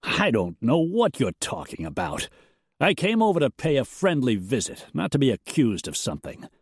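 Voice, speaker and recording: A man voicing a pushy middle-aged rancher who gets loud and strained. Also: sits high, huge pitch swings, measured pace, no room sound, clean studio sound, voice pushed up, full character voice. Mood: indignant.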